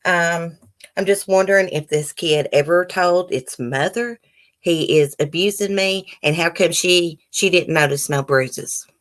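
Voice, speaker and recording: A woman hosts her own live stream, reading news articles aloud and breaking off into heated, indignant commentary and casual, rambling chat with viewers. Her voice is fairly low and fairly bright, at a measured pace.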